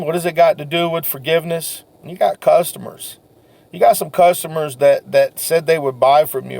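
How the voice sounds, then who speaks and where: A man's voice: medium pitch, a little mellow. Older guy, earnest and kinda confessional, chatting to camera about sales, rambles a bit. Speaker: sales vlogger. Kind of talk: casual motivational talk to camera.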